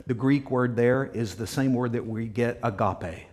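A man's voice: on the low side, moderate pace, few pauses, darkish tone. Emphatic male pastor preaching. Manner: emphatic, repeats key words, drops to a whisper at times. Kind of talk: sermon.

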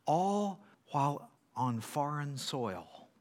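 Man, pastor, sermon, slow deliberate delivery, dramatic scripture reading, loud then hushed, questions the congregation. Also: fairly high pitch, animated.

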